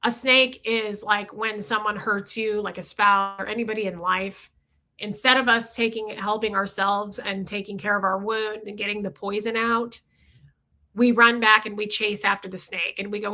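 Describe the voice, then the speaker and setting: A woman's voice: medium pitch, normal speed, sharp tone. A woman in her forties hosting a livestream, talking candidly and confessionally while greeting viewers in the chat, with casual swearing. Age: 40s. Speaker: livestream host reading chat.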